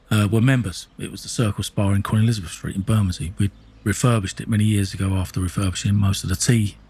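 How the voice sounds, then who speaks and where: A man's voice: on the low side, a little mellow, slightly rough. A middle-aged man with an Essex accent, telling his own story in blunt, sweary casual speech full of restarts. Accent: Essex English. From England. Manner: blunt, sweary, with many restarts and "you know what I mean". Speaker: storyteller recounting his life.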